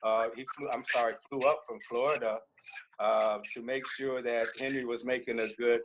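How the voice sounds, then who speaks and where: A man, a singer in a vocal group, telling a lively story on a video call. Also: mid-range voice, normal speed, a little hiss or hum, rough recording. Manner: animated, laughing storyteller.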